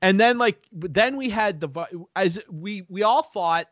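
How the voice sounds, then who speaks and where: A man's voice: high voice, expressive, unhurried, fairly bright tone, no echo. A man in casual podcast chat, ranting with constant swearing and frequent laughs. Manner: profane, ranting, laughs often.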